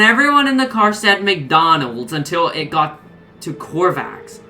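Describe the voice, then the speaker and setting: A woman's voice: fairly low pitch, big pitch swings, moderate pace, bright, forceful tone, soft background music. A woman narrating a comedic horror story, exasperated and swearing heavily. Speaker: creepypasta reader.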